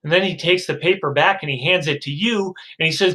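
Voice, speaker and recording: A man's voice: on the high side, brisk, pushed and bright, poor audio. A male lecturer telling a story to his class, acting out the characters in quotes, with frequent fillers and restarts. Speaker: psychology lecturer.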